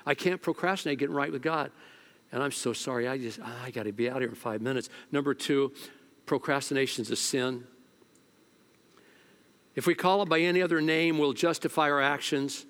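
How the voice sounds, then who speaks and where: An older male pastor delivering a sermon in a fairly high voice. He talks in a loose, colloquial way, rising to loud urging and dropping to quiet, confessional storytelling, repeating himself when he gets worked up. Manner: animated, swings from loud exhortation to hushed storytelling.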